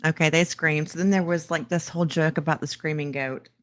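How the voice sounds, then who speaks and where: A woman's voice: fairly even intonation, brisk. Rambling, chatty woman co-host. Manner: rambling, self-deprecating, chatty, jumps to high exclamations. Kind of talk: casual live-stream chat.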